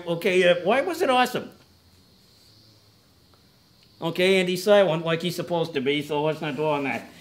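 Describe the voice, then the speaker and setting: A man's voice: mid-range voice, a little hiss or hum. A man co-hosting a casual top ten list show, rambling with wry asides and self-corrections. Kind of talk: casual joking commentary.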